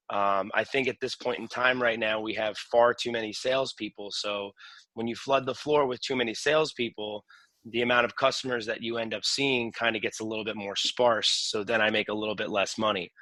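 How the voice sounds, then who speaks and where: A man hosting a casual podcast chat, talking in a halting way with many restarts and casual swearing. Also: medium pitch, sharp tone, no room sound. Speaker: podcast host.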